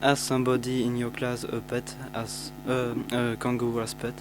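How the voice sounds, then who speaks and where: A teenage boy introduces himself to pen pals, halting with many restarts and fillers. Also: mid-range voice, completely flat delivery, background noise. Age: teens. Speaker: student.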